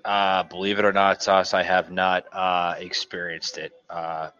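A man with a very deep voice and a bright, forceful edge hosts a casual podcast. He talks haltingly, restarting sentences and filling gaps. The audio is dull and lo-fi. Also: little pitch movement, clean tone. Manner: hesitant, many fillers and restarts. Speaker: podcast host. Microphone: studio mic.

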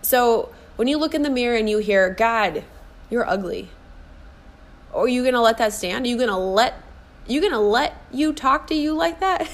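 A woman's voice: on the high side, fairly quick. Earnest woman in her forties, emphatic. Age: 40s. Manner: earnest, emphatic, repeats key phrases for stress. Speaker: life and fitness coach. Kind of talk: motivational podcast monologue.

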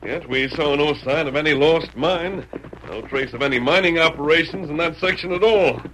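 An actor playing a firm, authoritative masked frontier hero, in 1940s radio acting. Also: male voice, fairly high pitch, moderate pace, a bit bright, slight background noise, natural voice, poor audio. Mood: resolute.

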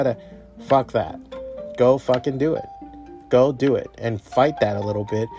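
Male podcast host, mid-pitched, casual motivational rant, blunt and profane, flips into character voices for quotes. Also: dark tone. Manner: profane, blunt, pep-talk delivery.

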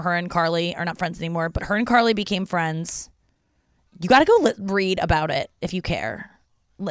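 A woman's voice: on the low side, clear, resonant tone, no echo, studio quality. A young woman hosting a casual solo podcast from her porch at home, chatty and rambling, swearing freely. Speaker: podcast host.

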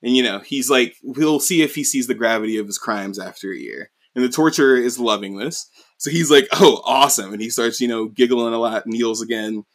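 A man's voice: mid-range voice, brisk. Rambling male podcast co-host. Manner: rambling, heavy use of "you know" and "like". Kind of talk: casual recap of a story.

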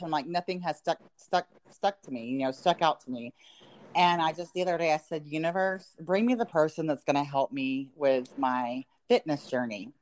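Lower-voiced woman chatting on a podcast. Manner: rambling with many fillers. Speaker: podcast co-host. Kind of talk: casual podcast chat.

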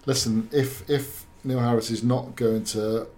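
A man giving his opinion as a pundit in casual discussion, halting and searching for his words. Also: medium pitch, steady tone, darkish tone.

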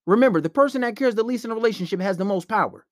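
A man's voice: sits high, lively intonation, racing, dry recording, clean studio sound. A man hosting a podcast, giving blunt, profane dating advice in a preachy, casual rant. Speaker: podcast host.

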